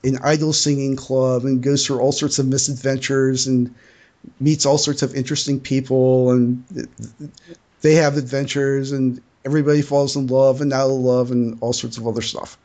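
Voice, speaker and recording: A man's voice: mid-range voice, level tone, moderate pace, a little mellow. A man in a casual group call who stammers and repeats words as he asks about his fanfic. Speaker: fanfic writer.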